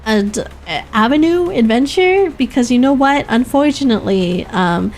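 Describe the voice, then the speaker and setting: A woman's voice: fairly high pitch, animated, unhurried, a little mellow, soft background music. A woman from Canada streaming a game, chatting casually and laughing often as she talks. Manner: giggly, laughs often, restarts mid-sentence. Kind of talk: casual gaming stream chat.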